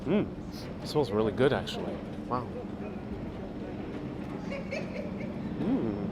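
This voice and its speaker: Walking through a bustling old-town street with his phone in hand, a man live-streams a tour and casually answers the chat messages he reads aloud. He talks extremely slowly at a medium pitch, with huge swings in intonation, and faint street sounds and traffic come through.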